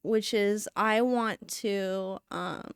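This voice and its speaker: A woman's voice: mid-range voice, fairly even intonation, very slow, clean tone, dry recording, clean studio sound. A woman streaming while she works, chatting and rambling casually and sounding a little out of breath. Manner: chatty, rambling, self-narrating. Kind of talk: casual live-stream chat while working.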